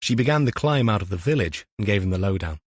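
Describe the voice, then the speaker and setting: Male audiobook narrator, low voice, dry close sound, measured, even. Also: breathy edge, no echo. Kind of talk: scripted narration.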